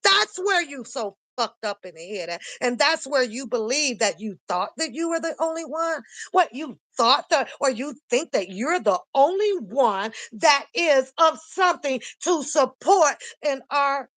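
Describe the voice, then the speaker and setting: An older woman rants on a casual live stream, blunt and profane, her speech bursting with animation. Her voice sits a little high and comes through close and dry, with no room sound around it. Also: expressive, unhurried, hardly any pauses, fairly bright tone, no room sound. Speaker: commentary channel host.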